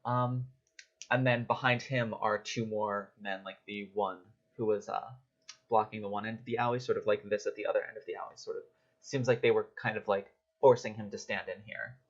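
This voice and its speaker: A man with a fairly low voice narrates a tabletop game as game master, hesitating often and filling gaps with "like" and "um". The recording is dull and lo-fi. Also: fairly even intonation, a little fast. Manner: hesitant, full of fillers.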